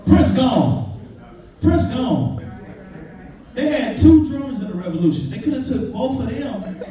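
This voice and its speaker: A man doing a stand-up comedy set in a live club, animated and talking straight to the crowd. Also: very high voice, measured pace, highs cut off. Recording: roomy, far-off mic, loud crowd. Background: audience laughter.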